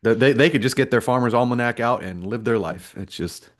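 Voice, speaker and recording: A man co-hosting a podcast, explaining points in a measured way. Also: medium pitch. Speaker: podcast co-host. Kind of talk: casual chat.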